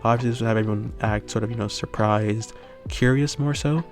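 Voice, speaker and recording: Low-voiced man rambling through a fan story. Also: fairly quick, faint music behind. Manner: rambling, full of fillers and tag questions. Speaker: channel host.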